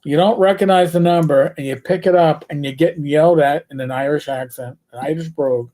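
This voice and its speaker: A man's voice: fairly high pitch, fairly quick, dark tone. An older man hosting a live stream, telling joking, profane stories in easy conversation. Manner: joking and profane, tells stories with lots of restarts. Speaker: show host. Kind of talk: casual live-stream chat.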